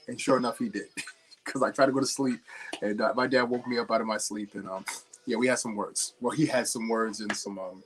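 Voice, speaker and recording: Young male stream host from New Jersey, mid-pitched, easygoing and anecdotal, talks to viewers as he builds. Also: fairly even intonation, a little fast, slight background noise. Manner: rambling anecdotal storyteller, chats with viewers. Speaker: livestream host. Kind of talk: casual chat while building.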